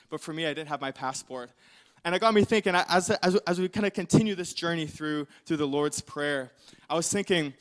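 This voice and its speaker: A young male pastor preaching a sermon, telling a story in a casual, rambling way full of fillers. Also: a little high.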